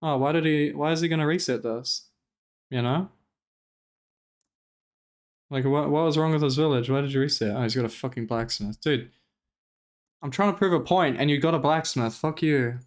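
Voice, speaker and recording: A man's voice: a little high, normal speed, pauses often. A young man streaming, talking casually in a profane, rambling and exasperated way while commenting live.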